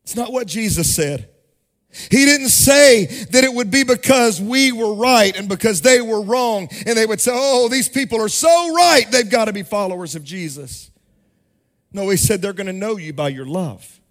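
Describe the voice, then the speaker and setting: A male pastor preaching a sermon in a sing-song cadence, rising to shouts at the high points. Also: lively intonation, moderate pace. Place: church sanctuary.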